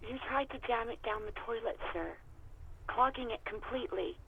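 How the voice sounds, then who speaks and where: A woman's voice: a little high, moderate pace, phone-quality sound, slight background noise, natural voice. A woman voicing a weary young former hotel clerk who talks bluntly and with exasperation. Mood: exasperated.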